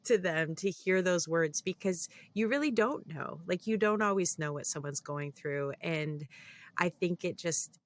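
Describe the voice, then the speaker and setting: A woman's voice: on the low side, unhurried, slight background noise. A woman co-hosting a faith podcast, talking in an encouraging, reflective way. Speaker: podcast co-host. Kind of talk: casual faith podcast chat.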